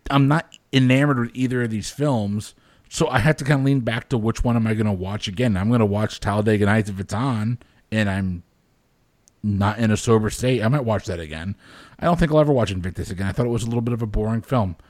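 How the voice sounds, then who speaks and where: A man's voice: medium pitch, a little mellow, no room sound. Wry male podcast host, dry sound. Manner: wry, moderating, hands turns to panel. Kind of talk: casual podcast chat.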